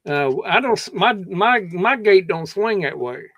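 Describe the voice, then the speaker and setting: A man's voice: high-pitched, lively intonation, measured pace, a bit bright. A man with a Kentucky accent hosting a livestream in rambling casual chat, his throat a bit scratchy, drawling and meandering with many restarts. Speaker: livestream host.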